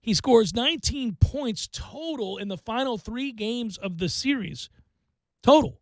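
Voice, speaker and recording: A man hosting a sports talk radio show, excitable and animated, acting out quotes and laughing often. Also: very high voice, a little slow, no echo.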